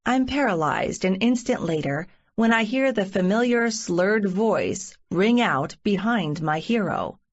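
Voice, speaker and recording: A woman narrating a first-person romance audiobook in a measured inner-monologue style. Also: mid-range voice, lively intonation. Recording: muffled lo-fi recording.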